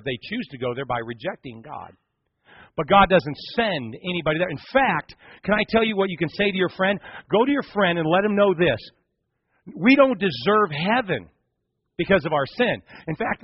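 A man's voice: high-pitched, slightly rough, dry recording. A man preaching a sermon, telling a story and building to impassioned, rising climaxes. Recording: muffled lo-fi sermon recording.

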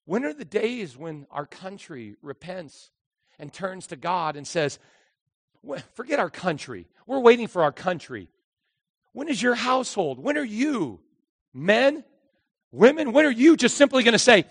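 A man preaching a sermon with passion, swinging from loud outbursts to hushed asides. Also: high-pitched, sing-song, a little slow, dry recording. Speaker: pastor. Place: church.

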